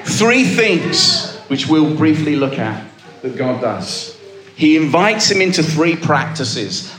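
A man's voice: on the high side, fairly bright tone, reverberant. A male pastor preaching a sermon to a congregation, emphatic and calling out to the listeners. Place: church with a live congregation.

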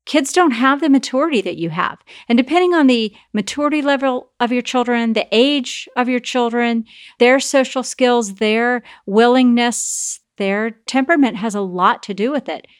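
Middle-aged woman host, lively teaching talk with hushed asides, dry close-miked sound. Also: fairly high pitch, moderate pace, no room sound. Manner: animated, shifts between emphatic and soft asides. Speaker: podcast host. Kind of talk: teaching, conversational podcast talk.

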